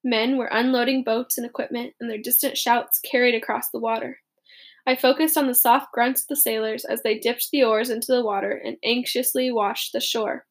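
A woman reading a first-person story aloud in a steady, plain manner. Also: on the high side, normal speed. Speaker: audiobook narrator.

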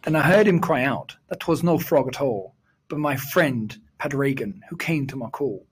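Husky man reciting a rhyming poem. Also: medium pitch, expressive. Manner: measured, sing-song rhyming delivery. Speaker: storyteller.

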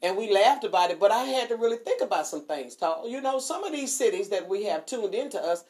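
A woman's voice: mid-range voice, animated, a little fast, darkish tone. A woman co-hosting a radio show in loose, casual chat. She is sassy and laughs often. She slides into preachy little asides between jokes. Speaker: radio co-host.

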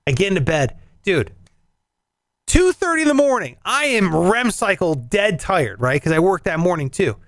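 A man with a high, very lively voice tells a wild story on a casual podcast, swearing freely and jumping into the voices of the people in it. The sound is dry and close, with no room around it. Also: moderate pace, dry recording. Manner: animated, profane, acts out voices in his story. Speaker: radio show host. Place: in Las Vegas.

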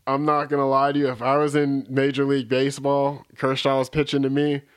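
A man hosting a podcast in a relaxed, joking way, rambling with fillers. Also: medium pitch, a little fast, clean tone. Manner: laid-back, jokey, rambling with fillers. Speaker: podcast host. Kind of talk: casual chat.

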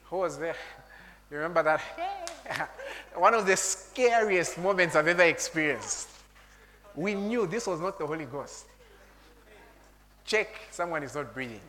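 A man preaching a sermon, animated, laughing often and breaking into shouts and tongues. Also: on the high side, a little slow, long pauses. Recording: long hall reverb.

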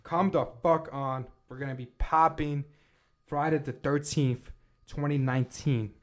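A man's voice: a little high, fairly even intonation, unhurried. Brash, profane young male podcast host. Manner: brash, profane, hypes the audience. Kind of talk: casual chat.

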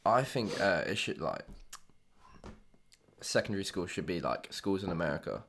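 A man's voice: low-pitched, expressive, normal speed, a bit bright, slight background noise. Young man, laid-back and laughing. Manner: laughing, sweary storyteller, full of fillers. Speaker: podcast host. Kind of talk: casual chat.

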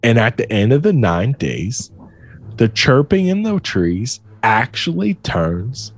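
A man's voice: mid-range voice, big pitch swings, slow, no echo, soft background music. A young man casually retelling a story to a friend, loose and profane, laughing often.

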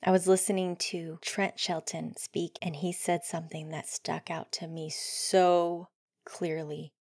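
Lady podcaster talking solo, earnest, lowish voice, goes quiet and whispery a lot, dry close mic. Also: level tone, measured pace, no echo. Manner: earnest, dropping often into soft near-whispers. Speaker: podcast host.

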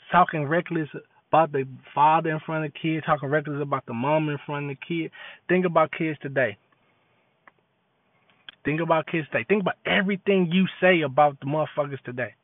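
A man's voice: on the high side, no echo. A man giving an impassioned, preachy monologue in street slang, repeating his points. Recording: tinny phone-like dry audio.

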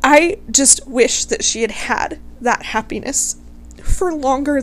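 A woman's voice: sits high, takes it slowly, a bit bright, slight background noise. Emotional, swearing woman telling a history story. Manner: swears freely, gushing and fangirling. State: close to tears. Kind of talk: casual emotional storytelling to viewers.

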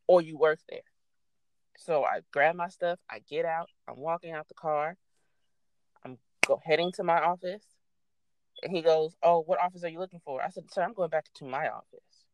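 A young adult woman casually telling a story, animated and swearing freely as she acts out what people said. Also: sits low, no echo.

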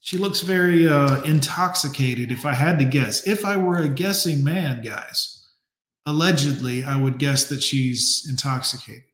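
A man's voice: medium pitch, measured pace, a bit bright. Sarcastic man with roomy echo. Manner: sarcastic, swearing, mocking asides. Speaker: reaction video host. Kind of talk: casual mocking commentary.

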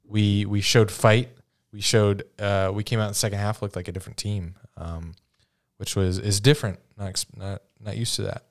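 A man's voice: fairly low pitch, steady tone, normal speed, creaky. A man co-hosting a fan sports podcast, rambling and correcting himself with a joking tone. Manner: rambling, self-correcting, jokey. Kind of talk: casual sports chat.

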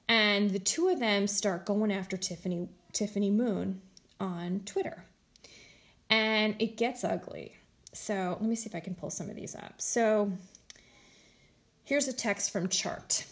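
A woman casually recapping a reality show, chatty and animated, acting out what people said in exaggerated voices. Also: medium pitch, measured pace, pauses often. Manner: animated storytelling, acts out quotes in exaggerated voices; chatty, heavy use of "like" and "you know". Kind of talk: casual chat.

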